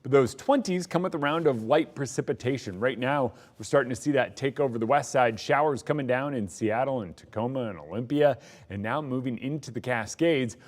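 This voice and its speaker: A man's voice: mid-range voice, fairly quick. A man, the station's chief meteorologist, giving the weather forecast in a conversational way.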